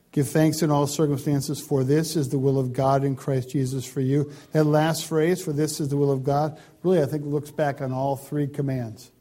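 A man preaching a sermon, emphatic and building lists of words, dropping now and then to a quiet, pleading tone. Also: on the high side. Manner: emphatic, swings from loud stresses to quiet pleading; repeats words in lists for stress. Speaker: pastor.

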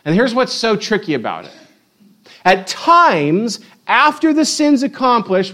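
A high-pitched male pastor gives a lively sermon, retelling the story with playful energy. His voice sits high, and he slips into acted-out quotes as he goes. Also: measured pace.

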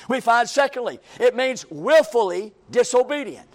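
A man's voice: very high-pitched, animated, normal speed, hardly any pauses. A male preacher, delivering a sermon in a church with a repetitive, emphatic cadence.

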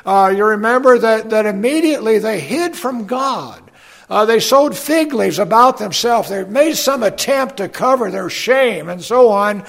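In a high-pitched voice, a pastor preaches unhurriedly, reading scripture aloud. Fillers and folksy asides run through his sermon.

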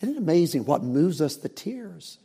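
A middle-aged man preaching a sermon in a folksy, storytelling way, his voice pitched high and gravelly. He swings widely up and down, with a husky edge to every phrase. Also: normal speed. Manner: folksy, animated storytelling with asides. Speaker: pastor.

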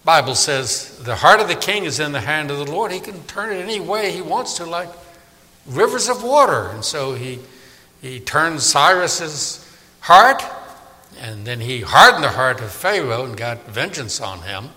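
A man's voice: a little high, normal speed, long reverb tail. A man preaching a conversational Bible sermon, often asking his listeners questions. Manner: animated, conversational, asks the audience questions.

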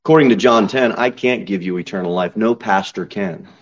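A pastor stands at the pulpit in a church sanctuary, reading scripture and delivering a sermon in a lowish voice. He leans on slow, emphatic stresses and breaks into sudden raised peaks, and the audio sounds dull.

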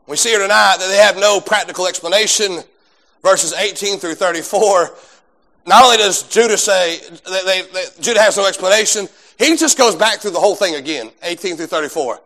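A man preaching a sermon, swinging between loud drawn-out emphasis and quiet folksy asides. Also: high-pitched. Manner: folksy, self-deprecating asides. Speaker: pastor.

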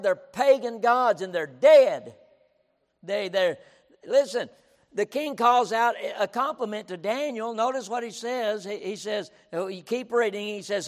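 A male pastor preaching a sermon in an emphatic style, repeating his points and often breaking in with "listen". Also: high voice. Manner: emphatic, repeats himself, keeps saying "listen". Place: auditorium. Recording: reverberant auditorium.

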